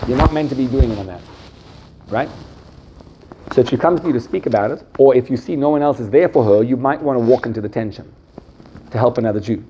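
A male teacher leads a Jewish class, asking his students question after question and drawing out key points slowly. His voice sits at an ordinary pitch, with faint noise in the background. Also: dark tone. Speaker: religious teacher.

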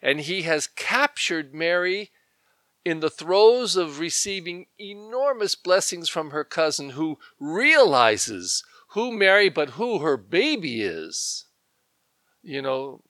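Older guy pastor, chatty sermon, lots of ums, slightly high voice, dry close mic. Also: slow, no room sound. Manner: conversational, animated emphasis with fillers and restarts.

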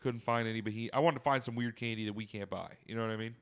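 A man's voice: medium pitch, steady tone, very fast, a bit bright, smooth. A young man telling a rambling trip story in a casual podcast chat, swearing and laughing often. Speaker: podcast co-host.

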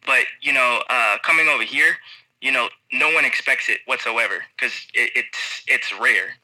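A man from Ohio, a podcast guest telling stories in a relaxed way, with many "uh"s and restarts. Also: medium pitch, moderate pace, low-quality recording. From Ohio, United States. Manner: relaxed storyteller, hesitant fillers and repeats. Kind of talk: casual interview chat.

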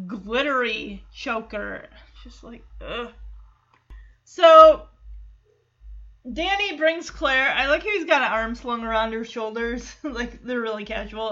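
A woman's voice: fairly high pitch, sharp tone. A woman hosting a podcast who recaps a sitcom episode in a chatty way, laughs often and acts out the lines she quotes. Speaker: podcast host. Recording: muffled lo-fi recording.

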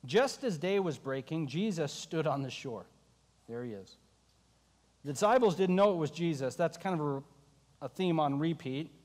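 A man preaching a sermon who tells the story in an animated way and acts out the voices of the people in it. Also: on the high side, moderate pace, in a large hall. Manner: animated, acting out the disciples' voices. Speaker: pastor.

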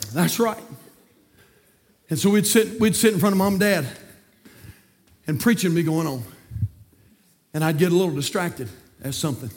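A man preaching a fiery sermon, folksy and repetitive, swinging from quiet talk to shouting. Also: sits high, normal speed, long pauses. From North Carolina, USA. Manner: folksy, repeats words. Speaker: pastor.

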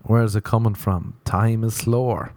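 A man's voice: on the low side, steady tone, normal speed, a little mellow, no room sound. An Irish man who does stand-up, telling profane, playful stories in a casual rambling podcast monologue while sunburnt. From Ireland. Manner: profane, playful storytelling with mocking quoted voices. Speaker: comedian podcast host.

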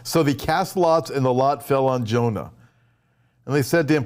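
A male pastor with a medium-pitched voice preaches a sermon at a moderate pace. He retells scripture in a conversational, animated way, frequently stepping aside for asides.

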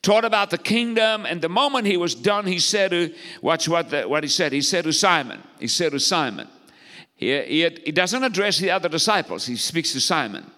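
A pastor in full sermon mode, his high voice echoing through a reverberant church hall. He exhorts his listeners and calls out for their responses. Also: lively intonation, normal speed, pushed and bright.

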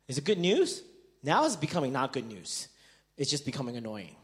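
A man preaching a sermon as pastor, telling stories in an animated way and acting out the dialogue, swinging between loud bursts and quiet stretches. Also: medium pitch, a little fast. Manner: animated storytelling, acting out quoted dialogue with big swings in loudness.

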